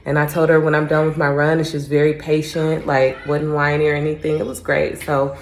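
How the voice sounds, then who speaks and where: A woman with a low voice talks to her camera at home, fresh off a run. Her speech is candid and reflective, loose with "um" and "you know." The room rings with a noticeable echo. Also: flat delivery, brisk. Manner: reflective, candid, frequent fillers. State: just back from a run. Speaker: vlogger training for a first half marathon. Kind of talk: casual chatty vlog. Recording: echoey room.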